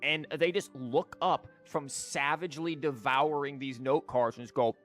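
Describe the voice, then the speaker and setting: A man's voice: mid-range voice, steady tone, moderate pace, fairly bright tone, soft background music. A young man streaming a game, rambling and joking with frequent stammers. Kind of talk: casual gameplay commentary.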